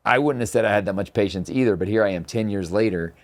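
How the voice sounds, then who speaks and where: A man's voice: on the low side, quick pace, no room sound. A middle-aged man hosting a casual faith-based conversation, earnest and reflective, telling anecdotes with quoted dialogue. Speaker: podcast host and author.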